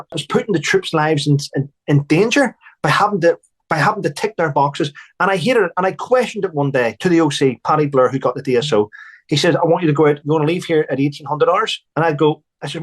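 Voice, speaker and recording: A man, an army veteran, recounting war stories bluntly and emphatically, swearing and restarting. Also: on the high side.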